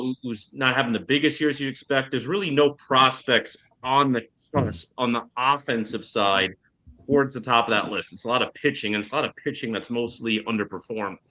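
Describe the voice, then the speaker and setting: Man, casual sports talk, bright forceful voice, thinks aloud. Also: medium pitch. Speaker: co-host.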